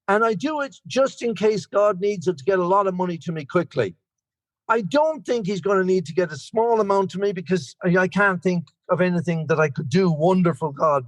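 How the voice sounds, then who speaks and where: A man's voice: high voice, dry recording. Chatty Irish man in his sixties. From Ireland. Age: 60s. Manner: rambling, self-deprecating storyteller. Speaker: guest speaker. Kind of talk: recovery meeting share.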